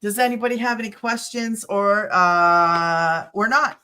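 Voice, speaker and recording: A woman's voice: mid-range voice, fairly even intonation, a little slow, pushed and bright, clean tone. A middle-aged woman hosting a casual live stream, telling a story in a rambling, chatty way full of asides. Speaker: online business host.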